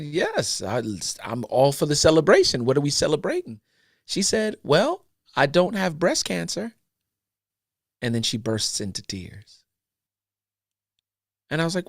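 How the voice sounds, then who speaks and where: A man's voice: on the high side, huge pitch swings, measured pace, long pauses, no echo. Earnest storytelling man, dry close sound. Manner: earnest storytelling with casual slang. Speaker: podcast co-host. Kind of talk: casual chat.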